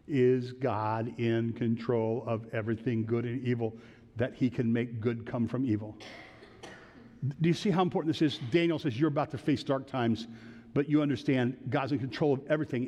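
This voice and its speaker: A man's voice: on the high side, a little mellow, in a large hall. A man preaching a sermon in an earnest, conversational storytelling way, lifting into emphatic prayer. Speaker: pastor.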